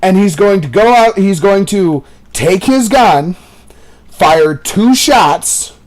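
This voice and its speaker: A young man casually chatting while playing a game, telling stories in an animated, profane way. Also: high-pitched, slow. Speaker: gaming commentator. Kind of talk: casual gaming chat.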